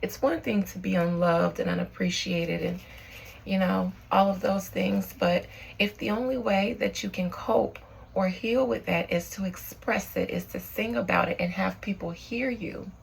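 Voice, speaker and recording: A woman working as a psychic medium, leading a spiritual channeling session with slow, solemn invocations and earnest, reflective commentary. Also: mid-range voice, steady tone, vocal fry, slight background noise, low-quality recording.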